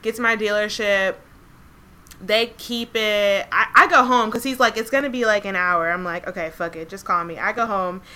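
Bright-voiced young woman telling a story. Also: mid-range voice, normal speed. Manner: animated, profane, laughs often. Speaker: podcast co-host. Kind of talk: casual chat, storytelling.

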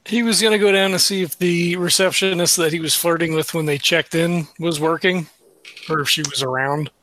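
A man's voice: fairly high pitch, steady tone, a little fast, a bit bright. A man playing a tabletop role-playing game, upbeat and conversational. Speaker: player.

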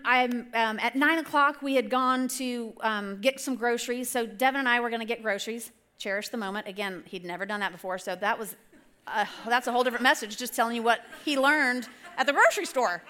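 A woman's voice: on the high side, bright, forceful tone. A middle-aged woman telling a rambling, self-correcting personal story in a church sermon. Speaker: church speaker. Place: church stage.

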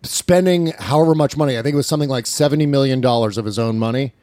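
A man's voice: mid-range voice, fast talker, a little mellow, dry recording, clean studio sound. A man hosting a casual political talk show. He rambles, laughs often and acts out mock quotes. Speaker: podcast host.

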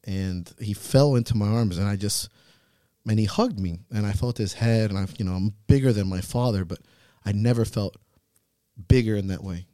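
Thirties male podcast host, earnest storyteller, low register, dry close mic. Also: dark tone, smooth, dry recording. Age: 30s. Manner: earnest, swears freely, halting restarts. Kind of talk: emotional personal storytelling. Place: podcast studio.

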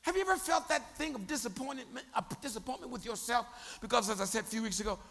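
A man preaching a sermon as pastor, animated, joking and calling on the congregation to respond. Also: extremely high pitch, very fast, gravelly, long reverb tail. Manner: animated preaching with crowd prompts and humor.

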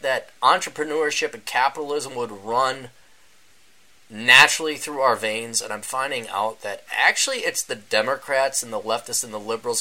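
A man hosting a casual solo podcast, rambling and sarcastic, often mocking other people in a high voice. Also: pushed and bright. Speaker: podcast host. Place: indoors during a power outage.

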